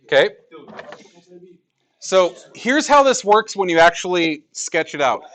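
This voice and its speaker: A man's voice: high voice, big pitch swings, a little slow, a bit bright. A male math teacher teaching a class in a classroom, joking with students and asking rhetorical questions.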